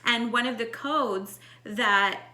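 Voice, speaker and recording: A woman's voice: on the high side, slow, reverberant. A woman in her forties telling a personal spiritual story in a casual, earnest way, full of "like" fillers. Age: 40s. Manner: earnest, animated, many "like" fillers. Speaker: spiritual vlogger.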